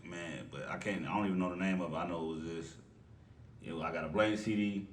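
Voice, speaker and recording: A man's voice: low voice, fast talker, far from the mic. A man hosting a radio show interview, chatty and laid-back, with many "yeah"s. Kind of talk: casual interview talk. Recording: echoey room, voice off-mic, faint noise.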